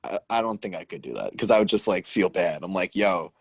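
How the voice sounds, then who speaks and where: A young man co-hosting a podcast, chatting casually and rambling with lots of filler words and quick self-corrections. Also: sits low, expressive, breathy edge, no room sound. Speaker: podcast co-host. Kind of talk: casual chat.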